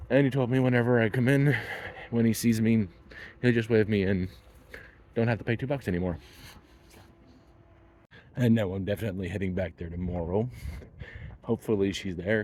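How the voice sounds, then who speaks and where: A man's voice: lowish voice, fairly even intonation, moderate pace, pauses often, mellow. A man in his thirties telling a personal story in a blunt, wry, casual way. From Canada. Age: 30s.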